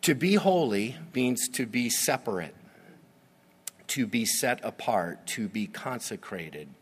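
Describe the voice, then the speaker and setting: A man preaching a sermon, slow and emphatic, with dramatic pauses and sudden swells in volume. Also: mid-range voice, animated, slightly rough. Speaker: pastor.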